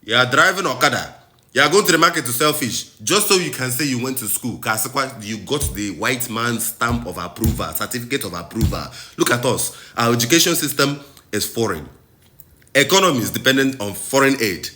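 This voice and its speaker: A Nigerian man delivers a passionate commentary with a bright, forceful tone. His pitch swings widely as he repeats phrases and presses each point like a sermon. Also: lively intonation, brisk. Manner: impassioned, rhetorical, preachy, repeats phrases for emphasis. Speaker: host.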